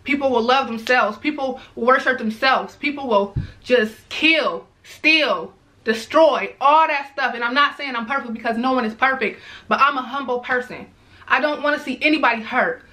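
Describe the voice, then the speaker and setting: A woman with a high, bright, forceful voice speaks straight to her viewers in a casual vlog. She is heartfelt and repetitive, leaning on "y'all" as she talks it through. She sounds like a mother sharing her feelings unscripted. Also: moderate pace, rough recording. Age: adult, mother of young girls. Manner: heartfelt, repeats herself, addresses viewers as y'all. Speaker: vlogger. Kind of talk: emotional casual commentary to viewers.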